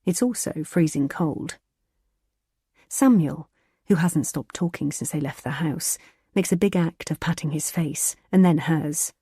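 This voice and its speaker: A woman narrating a thriller audiobook in a measured, even storytelling manner. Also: low voice, slightly rough, no room sound, studio quality.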